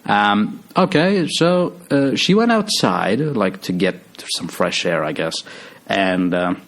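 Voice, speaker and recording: A man's voice: fairly low pitch, animated, slow, a bit bright. A man casually retelling a movie's story, rambling with lots of fillers and restarts. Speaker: movie recap host.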